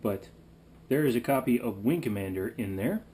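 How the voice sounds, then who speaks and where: A man's voice: mid-range voice, animated, moderate pace, warm tone, slight background noise. Guy talking over his game haul at home, chatty and jokey, mid voice. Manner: chatty, joking, rambling. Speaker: game collector vlogger. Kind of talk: casual vlog. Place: home living room.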